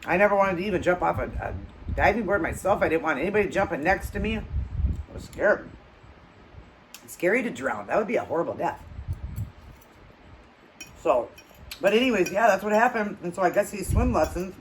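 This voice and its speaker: A woman hosting her own channel, telling a story in a loose, chatty way, getting louder and higher at tense moments and dropping to low murmurs between them. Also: brisk, pauses often, a little hiss or hum, poor audio. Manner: animated retelling with acted quotes, trailing off into low murmurs. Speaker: channel host. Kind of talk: casual storytelling while eating.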